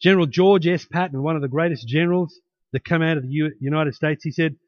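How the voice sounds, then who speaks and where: A man's voice: fairly high pitch, fast, no echo. A pastor preaching a sermon in a conversational way, often tagging his points with "hey?" and restarting his sentences. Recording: dull lo-fi, dry.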